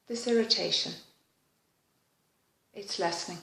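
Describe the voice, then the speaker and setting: A woman leading a guided EFT tapping session in a slow, soft, reflective manner, pausing for frequent sighs. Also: medium pitch, vocal fry, roomy sound.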